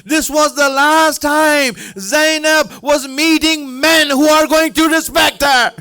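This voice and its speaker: A man delivering an emotional sermon as a story, repeating lines and at times shouting or breaking into tears. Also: extremely high pitch, fairly even intonation, slow. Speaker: speaker at a religious center. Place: religious center hall.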